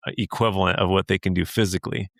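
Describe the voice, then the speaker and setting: A man with a low, gravelly voice hosts a podcast in relaxed conversation. He talks haltingly, searching for words, often laughing and openly emotional. The sound is dry and close. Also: no echo. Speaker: podcast host. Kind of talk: casual interview.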